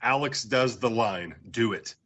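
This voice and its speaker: A man's voice: mid-range voice, measured pace, fairly bright tone. Man comparing films on a podcast. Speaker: podcast co-host. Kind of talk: casual movie review chat.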